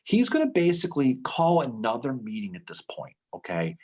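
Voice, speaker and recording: Animated husky man telling history. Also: medium pitch, moderate pace. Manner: animated storytelling, acts out quotes, frequent "okay?" and "right?". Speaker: podcast co-host. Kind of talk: casual history podcast chat.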